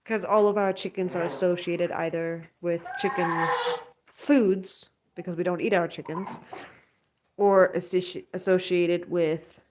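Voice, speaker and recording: Her voice is lowish, steady, a little slow and darkish in tone, with a bit of hiss or hum on the recording. This woman in her thirties, a pet goose vlogger, rambles casually as she tucks her backyard birds in for the night by the coop outdoors, pausing to coo goodnight to them.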